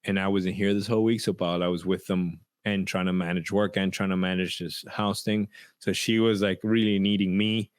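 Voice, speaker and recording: Low-voiced man in casual podcast chat. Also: level tone, fairly quick, smooth, dry recording. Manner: reflective, laughs often, many restarts. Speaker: podcast co-host.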